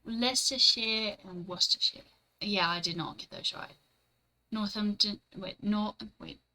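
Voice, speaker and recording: A young woman streaming from home, chatting casually with her live chat, blunt and quick to swear and laugh. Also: mid-range voice, pushed and bright, poor audio.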